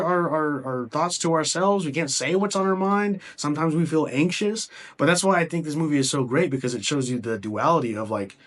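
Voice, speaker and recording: A man's voice: on the high side, a bit bright. A young man giving a casual film review, rambling and enthusiastic with lots of fillers and restarts. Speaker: movie reviewer.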